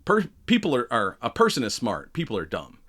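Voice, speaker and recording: A man's voice: mid-range voice, wildly swooping pitch, brisk, a bit bright. Guy on a podcast chatting about a movie, keeps laughing, does little voices for lines. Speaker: podcast co-host. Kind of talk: casual chat about a movie.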